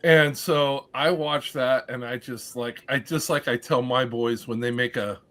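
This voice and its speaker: A man's voice: mid-range voice, fairly even intonation, measured pace, a bit bright. A man in the middle of a casual podcast chat tells coaching stories with a dry, self-deprecating edge. His voice sits in an ordinary middle register. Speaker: panelist, football coach.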